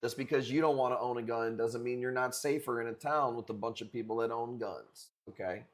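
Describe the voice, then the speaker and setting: A young man hosts a livestreamed coral auction, chatting casually, rambling and trading crude jokes with viewers. His voice is mid-range and a little fast.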